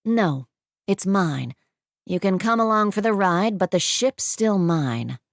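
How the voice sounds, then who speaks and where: A woman's voice: mid-range voice, animated, slow pace, creaky, dry recording, clean studio sound. A woman reading the part of a proud, stubborn young businesswoman who speaks in a firm, defiant way. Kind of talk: audiobook character voice.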